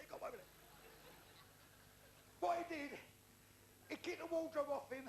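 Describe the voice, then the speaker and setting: A man's voice: extremely high pitch, fairly even intonation, moderate pace, long pauses, a little hiss or hum, poor audio. A man with a London Cockney accent telling jokes on a theatre stage, brash and foul-mouthed as he spins long shaggy-dog stories. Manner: gravelly, brash storyteller trading banter and swearing freely. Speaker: stand-up comedian. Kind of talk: live stand-up joke telling. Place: theatre stage before a live audience.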